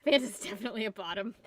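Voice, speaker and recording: A young adult woman from the United States chats casually on a live stream, giggling and rambling as she answers her chat. Her voice sits a little high, and there's noisy background sound.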